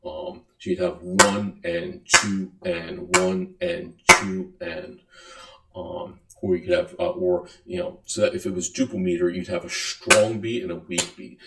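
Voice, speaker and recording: A man giving a relaxed music lecture, counting and singing beats aloud between many fillers. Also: sits low. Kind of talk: recorded lecture. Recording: echoey room.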